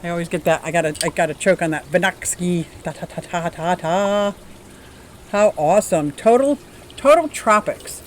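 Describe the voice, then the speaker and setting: A woman's voice: medium pitch, a little hiss or hum. A woman in her fifties hosting a casual livestream outdoors, bubbly and chatty, greeting viewers by name. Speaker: livestream host. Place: outdoors in a yard.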